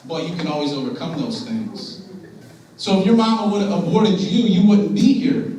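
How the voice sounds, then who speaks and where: A man's voice: sits high, normal speed, mellow. A young man speaks earnestly to students at a school assembly as a motivational speaker, asking them questions and urging them to listen. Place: large echoey school room. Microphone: distant from the recording device. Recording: very echoey hall audio from a distance.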